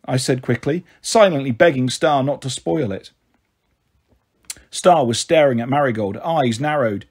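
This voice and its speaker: A man reading a children's novel aloud as a storyteller, in a calm, even manner. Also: medium pitch, moderate pace, husky.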